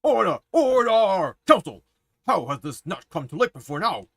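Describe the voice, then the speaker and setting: A man's voice: very animated, brisk, sharp tone, a little hiss or hum, heavily acted. A man voicing a stern older male judge who calls the court to order. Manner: commanding, booming. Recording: game music behind.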